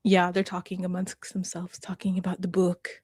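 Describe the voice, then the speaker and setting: A woman's voice: on the low side, completely flat delivery, normal speed, darkish tone, breathy edge, no echo, clean studio sound. A woman hosting a casual reaction chat, talking with laughs and acting out quotes. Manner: chatty, laughs often, acts out quotes. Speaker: host.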